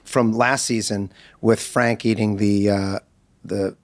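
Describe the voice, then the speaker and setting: A man co-hosting a podcast in casual chat, enthusiastic with halting restarts. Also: fairly low pitch, little pitch movement, dry recording. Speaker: podcast co-host.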